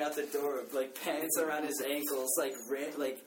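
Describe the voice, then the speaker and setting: A man's voice: a little high, flat delivery, normal speed. A young man telling a party prank story in casual chat, rambling with lots of fillers and swearing. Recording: echoey room, far from mic, noisy.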